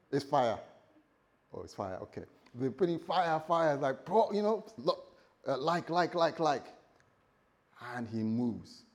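A man preaching a lively sermon, acting out voices and laughing as he tells the story. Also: medium pitch. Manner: animated storytelling, acts out voices, laughs often. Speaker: pastor.

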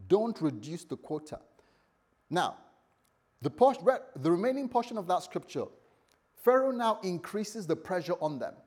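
Man, pastor, sermon, animated, teasing, fairly high voice, church. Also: normal speed.

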